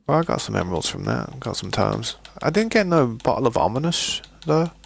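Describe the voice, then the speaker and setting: This British gaming streamer's mid-range voice swings widely in pitch, fairly fast, with vocal fry and a breathy edge. Chatting loosely with his audience during live gameplay, he keeps restarting sentences and addresses them as mate and boys.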